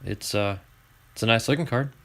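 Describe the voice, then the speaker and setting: A man opening packs of baseball cards on a live stream, chatting to viewers and getting excited over each find. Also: fairly low pitch, normal speed, gravelly. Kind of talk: live card-opening chat.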